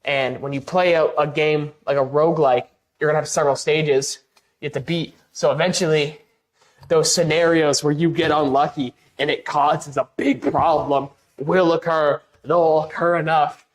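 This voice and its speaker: A woman live streamer with a low, steady voice chats casually with her audience at a normal speed while she paints a wall. She rambles and restarts often, laughing easily at herself in a self-deprecating way.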